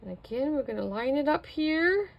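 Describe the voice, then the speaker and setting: A woman's voice: sits high, lively intonation, normal speed, gravelly, lo-fi sound. A middle-aged woman hosting a casual craft tutorial, chatting to viewers as she works and laughing at her own slips. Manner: chatty, self-mocking, talks to viewers while working. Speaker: craft video host.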